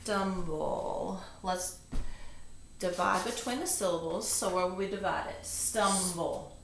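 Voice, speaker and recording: A woman reading tutor giving a step-by-step phonics lesson, patiently sounding out and spelling each word. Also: fairly low pitch. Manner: patient, slow and deliberate, sounding out syllables. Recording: echoey room, distant mic, faint hiss.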